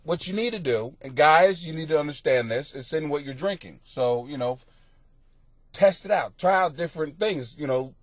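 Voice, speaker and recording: A man hosting a comedy podcast, reading out listener questions and answering them in a crude, profane, mocking rant that swings into yelling. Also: on the high side, expressive, moderate pace, no echo. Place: home basement.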